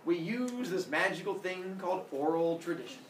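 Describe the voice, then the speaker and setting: A man teaching a class, telling a fable in an animated, playful way. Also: high voice, normal speed, a little hiss or hum. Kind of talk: classroom storytelling. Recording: echoey classroom, distant mic.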